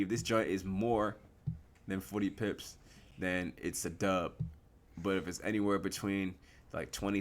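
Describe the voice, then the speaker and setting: Deep-voiced casual trader on a livestream. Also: male voice. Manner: relaxed, slangy and explanatory, asks and answers his own questions. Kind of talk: casual live trading commentary.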